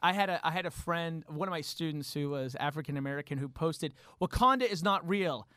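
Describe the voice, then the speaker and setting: A man hosting a podcast in a studio, chatting enthusiastically with quick asides. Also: a little high, pushed and bright, no echo. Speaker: podcast host. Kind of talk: casual interview chat.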